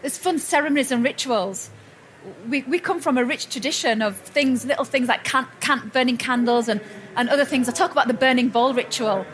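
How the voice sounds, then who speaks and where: At a personal growth expo, a woman with a high voice gives a brisk motivational talk to a crowd in an event hall, where slight background noise can be heard. She storytells warmly but keeps restarting and correcting herself.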